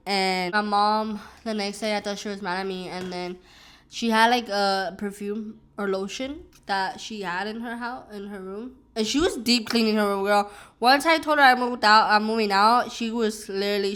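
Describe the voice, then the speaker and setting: A woman's voice: mid-range voice, fairly bright tone. Young woman vlogger, casual storyteller, rambling and unpolished. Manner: rambling, many "like"s and restarts. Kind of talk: casual storytelling while eating.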